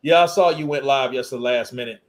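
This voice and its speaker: A man's voice: medium pitch, fast. A man hosting a casual boxing livestream, loose and joking, who laughs often and swears freely. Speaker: live stream host.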